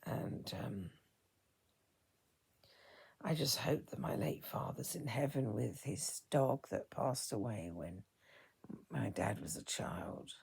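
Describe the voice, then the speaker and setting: Slow, husky-voiced woman in her fifties. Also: very deep voice, animated. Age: 50s. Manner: soft-spoken, halting, often trailing into a whisper. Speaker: vlogger. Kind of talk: personal spoken reflection.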